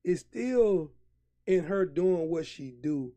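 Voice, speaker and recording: Animated high-voiced Atlanta man. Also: takes it slowly. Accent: Southern US, Atlanta. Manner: animated, laughing, acts out his own quoted lines. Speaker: podcast co-host. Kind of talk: casual chat, storytelling.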